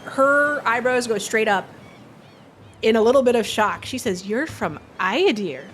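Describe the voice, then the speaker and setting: A woman's voice: fairly high pitch, a little slow, fairly bright tone, a little hiss or hum. A woman running a tabletop role-playing game as game master, narrating playfully and often laughing.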